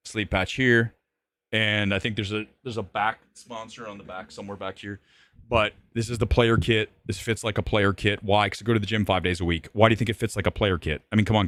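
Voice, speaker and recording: A man in his forties rants on a live movie show, his pitch leaping high and dropping low as he mocks and scolds. He is combative and sarcastic, swearing freely. The sound is dry and close, with no room around it. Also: no echo. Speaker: livestream host. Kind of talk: profane live-stream rant.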